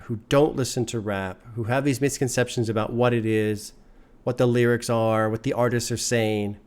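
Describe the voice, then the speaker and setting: A man who runs a music reaction channel, talking casually to his viewers in an earnest, rambling way and repeating phrases for emphasis. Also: medium pitch. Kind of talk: casual talk to camera.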